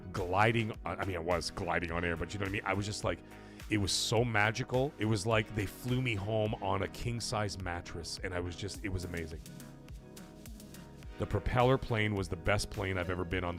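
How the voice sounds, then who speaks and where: A man hosting a live gaming stream, telling a story in a swearing, animated way, getting loud and then dropping quiet. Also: low-pitched. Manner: animated, profane, swings loud and soft for effect.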